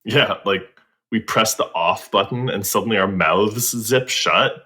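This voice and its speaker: A man's voice: lowish voice, measured pace, pushed and bright. A man co-hosting a podcast in casual comedic chat, talking in a slangy, laid-back way. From United States. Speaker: podcast co-host.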